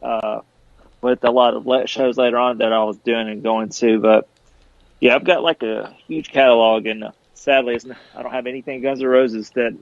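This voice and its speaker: A man's voice: mid-range voice, fairly even intonation, normal speed, gravelly. A middle-aged man, a former tour manager, chatting casually on a podcast in a rambling, laid-back way. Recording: slightly dull lo-fi audio.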